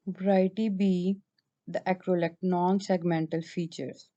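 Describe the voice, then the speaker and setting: A woman with a Pakistani English accent giving a slide-based lecture, explaining each point with halting restarts. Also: on the low side, little pitch movement, mellow, dull audio.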